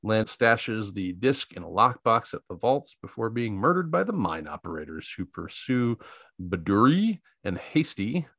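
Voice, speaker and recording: A man's voice: on the low side, sing-song, a little slow, a bit bright, no room sound, clean studio sound. A man co-hosting a casual chat, reading a plot summary aloud in a laid-back way, stumbling over names and laughing at them. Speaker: podcast co-host.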